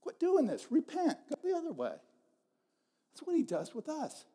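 A middle-aged pastor with a high, mellow voice delivers a sermon to his congregation. He talks in a relaxed, storytelling way, often repeating a phrase for weight. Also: moderate pace.

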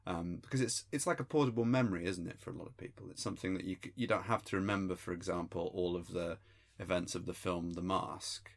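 A man with a very low, gravelly voice riffs deadpan on a comedy podcast. His musings ramble along with mock seriousness, steady and dry in tone. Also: quick pace, hardly any pauses. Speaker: podcast co-host. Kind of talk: improvised comedy podcast banter.

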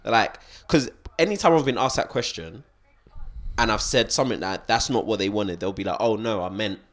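A man's voice: lowish voice, expressive, moderate pace. A young man talking earnestly in a casual chat, often restarting and checking in with listeners. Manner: earnest, restarts often, keeps asking "do you know what I mean".

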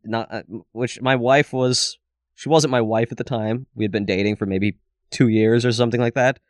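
A man in his thirties rambles through a profane story on a comedy podcast. His pitch sits at a middling level, and the mic is close and dry with no room sound. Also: steady tone, moderate pace, no echo. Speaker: podcast co-host. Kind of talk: casual comedic chat.

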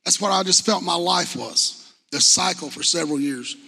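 A man with a high, bright, ringing voice shares his testimony from the pulpit. He talks earnestly and conversationally, then reads scripture aloud, and his words trail into a long church reverb. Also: moderate pace, vocal fry, slightly rough. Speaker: church speaker giving testimony. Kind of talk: sermon testimony. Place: church hall.

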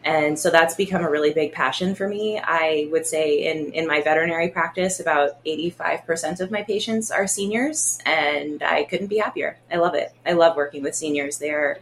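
A woman veterinarian chatting on a podcast in a slightly low voice, speaking with emotion and breaking into laughter between thoughts. Faint room noise hums behind her. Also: moderate pace, few pauses. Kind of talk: casual podcast chat.

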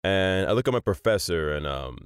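Animated laughing man telling stories. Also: low voice, fairly quick, clean tone, no room sound, clean studio sound. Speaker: voice actor guest. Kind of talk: casual storytelling chat.

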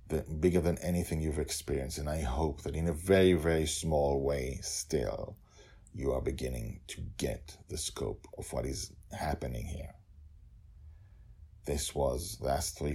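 Casting: man, author-narrator of an audio serial, very low and husky, emphatic and chatty. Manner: lively, emphatic, chatty outro.

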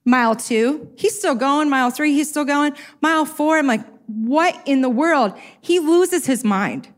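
A woman with a high, bright-toned voice tells a comic personal story to an audience. She pokes fun at herself and jumps into little acted-out quotes. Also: measured pace. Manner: lively, self-mocking, acts out quotes. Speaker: speaker sharing a personal story. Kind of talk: storytelling talk to a live audience.

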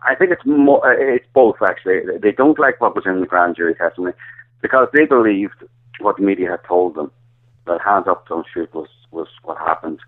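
A man's voice: low voice, expressive, a little fast. A man with an Irish accent, a guest calling in to an interview, talking earnestly and often stumbling and repeating words. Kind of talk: phone-in interview. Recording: tinny phone line.

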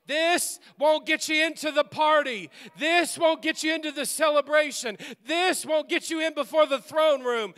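High-pitched, bright-voiced preaching man. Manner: impassioned, repetitive preaching cadence. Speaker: pastor. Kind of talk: preaching a sermon. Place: church sanctuary.

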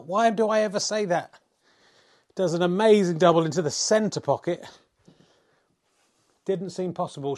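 A middle-aged man does wry, self-mocking comedy snooker commentary, swearing in mock exasperation at the play. His voice is a little high, with a slight hiss or hum on the audio.

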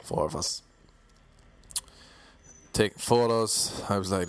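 A man in his thirties with a Cork Irish accent, telling a self-mocking comic story in a flat, monotone delivery. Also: on the low side, takes it slowly, long pauses, clear, resonant tone, no echo. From Ireland. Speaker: comedian and DJ. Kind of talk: storytelling monologue.

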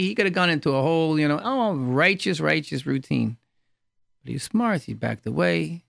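Gravelly, dry-voiced rabbi telling stories. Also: male voice, on the high side, big pitch swings, brisk, fairly bright tone, dry recording. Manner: storytelling, repeats key phrases for emphasis. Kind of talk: informal Torah class.

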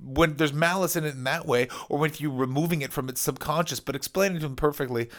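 A man hosting a podcast, ranting comically in a loud, excitable way, swearing and jumping between topics. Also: on the high side, fast talker. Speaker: podcast host. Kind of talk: comic rant. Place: hotel room. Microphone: video call microphone.

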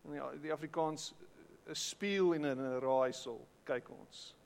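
A creaky, high-side male voice at a measured pace belongs to a pastor with a South African English accent giving a sermon. He converses with the congregation, often repeating words, and the church hall recording has a long, echoey reverb.

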